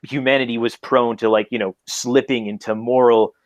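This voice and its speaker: A man's voice: mid-range voice, level tone, moderate pace. A man who is a guest on an online debate show, talking in a hesitant, searching way with many fillers. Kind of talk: casual debate chat.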